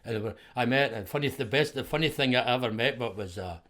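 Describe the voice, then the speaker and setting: A man's voice: medium pitch, fast talker, a bit bright. Chuckling older Scottish man telling stories. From Scotland. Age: 70s. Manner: rambling anecdotes with frequent chuckles and restarts. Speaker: podcast guest. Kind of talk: casual storytelling conversation.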